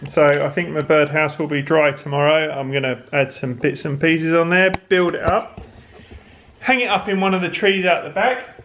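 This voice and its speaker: A middle-aged man hosts a family vlog at home, chatting casually in an upbeat, self-mocking way. His voice is a little high and fairly bright at a moderate pace, recorded in an echoey room with faint noise.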